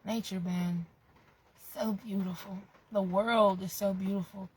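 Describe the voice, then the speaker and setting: A woman's voice: mid-range voice, a little slow, slightly rough, rough recording. A young woman vlogger giving a blunt, profane motivational rant in casual chat. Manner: profane, blunt, animated with bursts of laughter.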